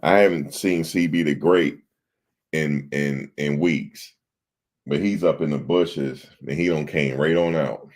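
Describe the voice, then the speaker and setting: A man's voice: a bass voice, steady tone, measured pace, darkish tone. A man hosting a livestream, rambling in casual chat and talking straight to his viewers in the chat. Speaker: livestream host.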